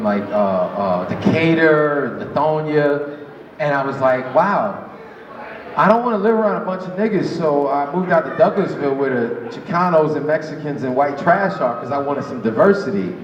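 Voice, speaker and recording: A man's voice: on the high side, lively intonation, moderate pace, crowd noise. A man from New York doing a crude stand-up comedy set at a bar, laughing at his own jokes. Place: bar stage with live audience. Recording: roomy, distant, muffled bar recording with noise.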